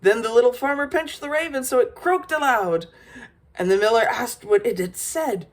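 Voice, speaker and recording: A woman reading an old fairy tale aloud as a storyteller, lively, with small slips and restarts. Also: a little high, normal speed.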